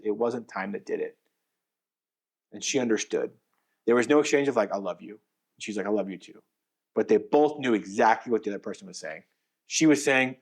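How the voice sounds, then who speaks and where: A man co-hosting a podcast, casually and animatedly retelling story scenes, often acting out the lines and restarting his sentences. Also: medium pitch. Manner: animated retelling with acted-out quotes, frequent restarts. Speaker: podcast co-host.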